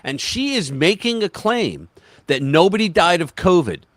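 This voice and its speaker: A man hosting a political livestream, talking in a casual, emphatic way that keeps restarting itself. His pitch swings widely as he gets worked up, and his voice sounds dry and close, with very little room sound. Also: moderate pace, dry recording. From United States. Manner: animated, emphatic, talks over himself with restarts and quoted voices.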